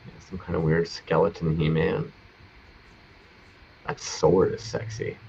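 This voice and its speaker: A man's voice: low-pitched, little pitch movement, a little slow, vocal fry, dark tone, dull audio, slight background noise. A man co-hosting a casual livestream chat, laid-back and rambling, swearing freely. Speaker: co-host.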